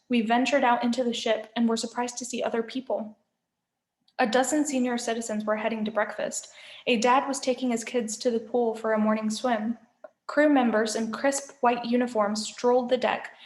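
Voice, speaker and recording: A woman's voice: fairly high pitch, moderate pace. Woman reading a novel in an echoey room. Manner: clear, expressive storytelling. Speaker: teacher reading aloud. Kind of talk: novel read-aloud.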